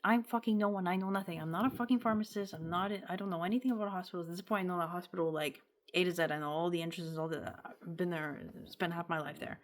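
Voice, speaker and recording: Low-voiced woman venting candidly. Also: steady tone, fast talker, few pauses. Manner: rambling, candid, swears often. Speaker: vlogger. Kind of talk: casual confessional vlog.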